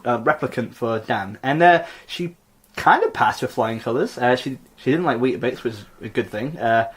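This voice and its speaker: A man's voice: moderate pace, a bit bright, breathy edge. A young man hosting a comedy podcast, bantering and laughing as he chats with his co-host. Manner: bantering, bursts into high-pitched laughs. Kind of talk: joking casual chat.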